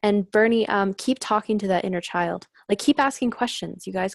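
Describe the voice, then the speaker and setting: A woman's voice: mid-range voice, normal speed, creaky, dry recording, studio quality. A woman energy healer and coach on a live stream, talking in a spontaneous, upbeat, chatty way. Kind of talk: casual live stream chat.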